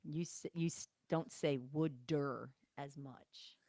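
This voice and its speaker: A woman's voice: sits low, little pitch movement, unhurried, warm tone, dry recording, studio quality. A woman co-hosting a casual live stream, blunt and bossy, teasing and swearing freely. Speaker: co-host.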